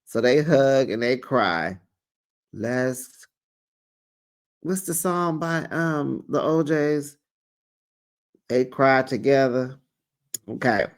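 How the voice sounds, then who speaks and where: A man's voice: medium pitch, animated, drawn-out words, long pauses. A man hosting a casual reality TV recap, talking in a sassy, playful gossip style full of slang asides.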